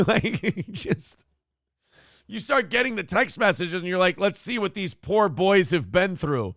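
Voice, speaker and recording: A male livestream host with a gravelly, slightly higher voice and very lively pitch. He talks in a profane, mocking way, riffs on chat messages and acts out exaggerated lines. The sound is dry and close, with almost no room echo. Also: moderate pace. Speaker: solo livestream show host. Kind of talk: crude comedic commentary, reading chat messages.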